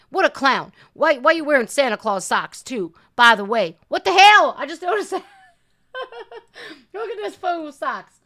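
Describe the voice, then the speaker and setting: Woman host, high bright voice, fiery and profane reaction commentary. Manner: fiery, profane, yells and laughs in outbursts.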